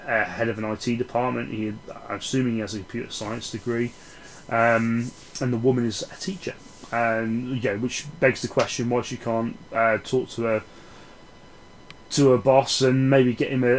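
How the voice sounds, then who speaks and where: A man's voice: mid-range voice, slight background noise, rough recording. A man giving a casual film review in a rambling, sarcastic, sweary way.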